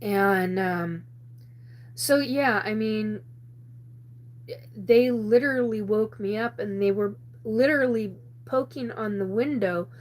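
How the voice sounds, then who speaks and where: Woman host, casual live-show storyteller, rambling with lots of restarts and laughs, mid-pitched voice. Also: slow, pauses often.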